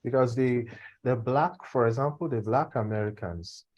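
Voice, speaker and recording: A man hosting an interview and speaking in measured, deliberate phrases. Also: mid-range voice, a little mellow, lo-fi sound. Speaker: interview host. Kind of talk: casual conversation.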